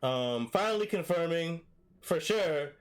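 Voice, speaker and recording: Guy recapping stuff on a podcast, slightly high voice, laid back. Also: a little slow, smooth. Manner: relaxed, laughs often. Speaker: podcast co-host recapping a chapter. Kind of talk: casual recap chat.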